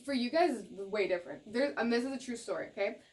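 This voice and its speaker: A young adult woman from Canada giving a casual tarot reading straight to viewers, laughing often and repeating herself in her excitement. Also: on the high side, fast. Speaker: tarot reader.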